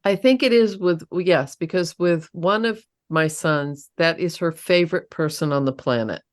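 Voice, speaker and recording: Low-pitched lady hosting an interview, kind of rambly. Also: normal speed. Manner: rambling, searching questions. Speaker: podcast host. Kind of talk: conversational interview.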